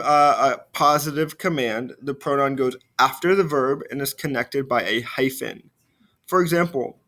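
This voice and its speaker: A man teaching a recorded French grammar lesson. He explains step by step, slows down to model the French phrases, and drops quietly at the ends of phrases. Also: on the high side. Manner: frequent fillers, trails off quietly at phrase ends.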